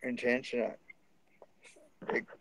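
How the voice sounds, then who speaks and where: A man's voice: mid-range voice, little pitch movement, takes it slowly, creaky, very noisy. A man telling a story in a casual, rambling and profane way.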